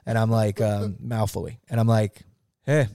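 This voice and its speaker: A man in casual interview chat, an animated storyteller who swears and laughs often. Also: on the low side, moderate pace, vocal fry. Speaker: guest musician.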